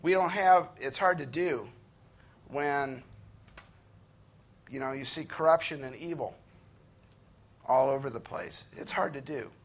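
A man preaching an earnest sermon, slowing down and lifting his voice when he reads scripture aloud. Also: a little high. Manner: earnest preaching, slows and rises to read scripture. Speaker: pastor.

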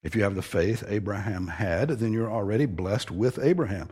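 Male preacher, low husky voice, steady emphatic sermon delivery. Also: normal speed. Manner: emphatic, earnest teaching with repeated stressed phrases. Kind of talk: expository sermon.

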